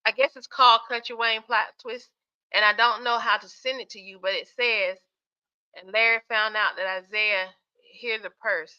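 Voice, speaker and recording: A woman hosting a casual livestream, reading viewer comments aloud, chatty and quick to laugh while sleepy and yawning. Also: a little high, fairly even intonation, pushed and bright, clean tone, muffled recording. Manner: chatty, laughs often, talks straight to viewers. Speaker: livestream host.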